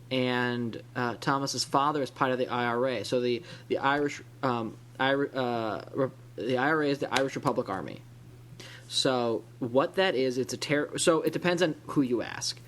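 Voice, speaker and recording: On his easygoing comic book podcast, a man from around Illinois and Wisconsin rambles, restarting and using fillers constantly. His voice is medium in pitch and a bit bright, delivered at a normal speed.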